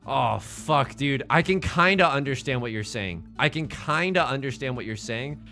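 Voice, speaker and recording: A man streaming a building game live, thinking aloud in an excitable, joking way and swearing at his own designs. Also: mid-range voice, normal speed, gravelly, soft background music. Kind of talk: live gameplay commentary.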